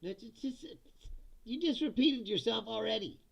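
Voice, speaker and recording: Male live-stream host with a husky, slightly high voice, blunt and profane, chuckles often. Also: expressive, moderate pace. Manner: profane, blunt, laughs often between remarks. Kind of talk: casual ranting live-stream commentary.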